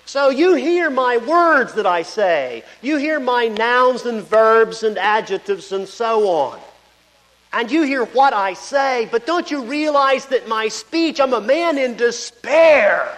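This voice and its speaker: Preacher doing a despairing man in anguish; pleading, impassioned, high voice, long hall echo. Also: lively intonation, takes it slowly, fairly bright tone, heavily acted.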